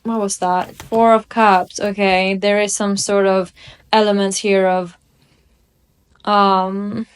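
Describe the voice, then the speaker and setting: A young woman reading tarot cards at home, talking slowly and musingly with many pauses. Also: mid-range voice, flat delivery, smooth. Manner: slow, musing delivery with frequent pauses. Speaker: tarot reader. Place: room at home by a window.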